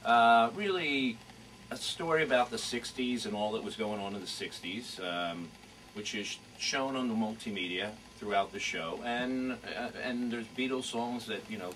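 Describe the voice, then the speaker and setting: A man's voice: medium pitch, moderate pace, a bit bright, far from the mic, slight background noise, low-quality recording. A man guesting on a live radio show in a studio, describing his stage show in a rambling way with restarts. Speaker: tribute band performer, guest. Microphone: studio microphone.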